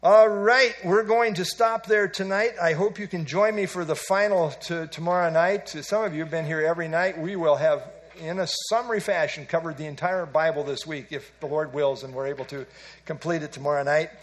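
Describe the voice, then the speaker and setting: A man's voice: on the high side, fairly quick. An older man giving an evening Bible teaching as a preacher, folksy and self-deprecating as he tells stories.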